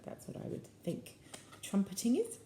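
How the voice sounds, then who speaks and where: A woman's voice: normal speed, echoey room, very noisy. A woman reading a picture book aloud to children in a playful, sing-song way, often asking them questions. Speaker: children's storyteller.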